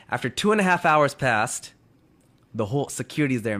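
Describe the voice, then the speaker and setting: A man's voice: mid-range voice, expressive, normal speed, bright, forceful tone. A man casually retelling a story to others in conversation, full of "you know" and "like".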